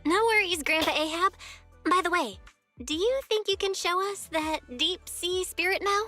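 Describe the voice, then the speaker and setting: A woman's voice: extremely high pitch, moderate pace, sharp tone. Polite, level-headed young woman. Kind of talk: video game voice acting. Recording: game audio with faint music.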